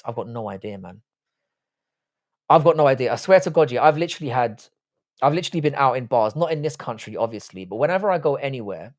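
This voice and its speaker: A young man with a British accent chats loosely on a livestream, his voice sitting at an ordinary middle pitch. He is blunt and sweary but relaxed as he reads out viewer comments. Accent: British English. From England. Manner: blunt, sweary, laid-back banter. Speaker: livestream host. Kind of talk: casual live chat reading viewer comments.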